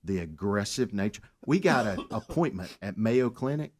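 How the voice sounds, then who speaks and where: A man's voice: on the low side, lively intonation, normal speed, darkish tone. A man, a guest on a talk radio show, telling his story earnestly and mentioning his faith.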